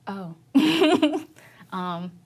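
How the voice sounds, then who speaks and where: Young woman navy vet in an interview, chatty and candid, laughs a lot while telling stories, middle pitched voice. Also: big pitch swings, drawn-out words, vocal fry, a little mellow. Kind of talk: casual interview recollection.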